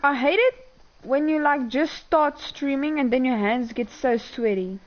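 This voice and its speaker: A woman's voice: high-pitched, a little slow. A woman, an Afrikaans speaker, joking around while playing a game with a friend. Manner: playful, jokey, mixes Afrikaans and English. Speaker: co-player. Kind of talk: casual gaming chat. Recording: dull lo-fi mic with faint hiss.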